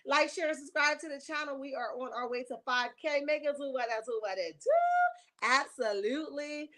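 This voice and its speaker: Her high, fairly bright voice has a sing-song quality as this livestream host dishes reality-TV gossip at a moderate pace. She's sassy, emphatic and chatty, reading out comments from viewers.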